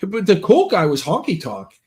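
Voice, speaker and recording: Older man, casual chat, rambling stories, slightly high voice, acts out quotes. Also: huge pitch swings, normal speed, darkish tone. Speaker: podcast host.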